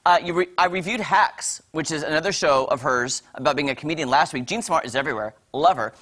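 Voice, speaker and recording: A woman's voice: sits low, quick pace. Lady doing tv reviews on morning news, chatty and gushy, lots of little asides. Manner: gushing, chatty, animated asides. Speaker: entertainment reviewer on a morning show. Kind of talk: casual TV review chat.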